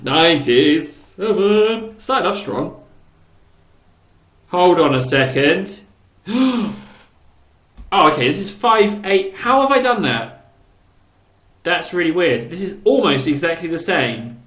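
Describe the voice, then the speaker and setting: A man giving casual game commentary with a bouncy, wide-ranging voice that leaps up and down as he chuckles at his own creations. He speaks slowly and unhurried, teasing and exclaiming playfully. The sound bounces around a roomy, echoey space. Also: sits high, expressive, fairly bright tone. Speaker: gaming channel host. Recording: roomy echo.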